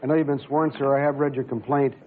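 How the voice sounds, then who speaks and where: A man's voice: medium pitch, level tone, quick pace. A man presiding as judge, asking stern and impatient questions in court. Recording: tinny broadcast audio with faint hiss.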